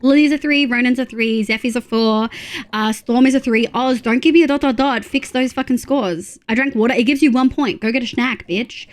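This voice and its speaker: A young Australian woman with a somewhat high voice talks a little fast during a casual livestream. She reads out her viewers' messages, exclaims gushingly over their photos, and mutters asides along the way.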